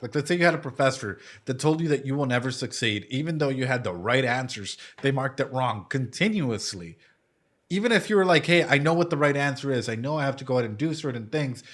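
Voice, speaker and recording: A young man, a psychologist, giving casual, animated reaction commentary from his streaming room, swearing freely. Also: on the high side. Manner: animated, swearing, emotional, laughs and nearly cries.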